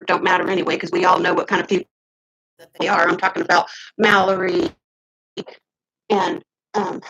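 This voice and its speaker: A woman in her fifties venting heatedly to her camera, swinging between loud outbursts and muttered asides. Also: mid-range voice, a little hiss or hum, rough recording. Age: 50s. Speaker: vlogger. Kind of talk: casual ranting to camera.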